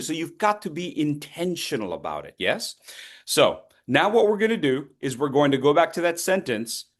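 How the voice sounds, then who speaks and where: Lively man coaching a voice workshop. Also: fairly high pitch. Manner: playful, teasing, calls on participants. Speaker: public speaking coach. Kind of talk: interactive online voice workshop. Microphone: video call.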